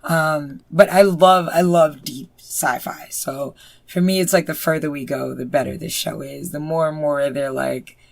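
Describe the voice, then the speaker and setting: A young woman talks through a review as a podcast co-host, animated and loose, with plenty of filler words. Her voice has a gravelly, fry-laden texture. It sits close and dry on the mic. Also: low-pitched, a little slow, dry recording. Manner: animated, uses many fillers. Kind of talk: casual review chat.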